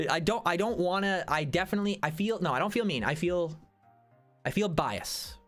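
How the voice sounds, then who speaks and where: A male streamer talks loosely to his chat in a slightly high voice, rambling and often restarting his sentences. Quiet music plays faintly under him. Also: huge pitch swings, unhurried. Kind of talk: casual livestream chat.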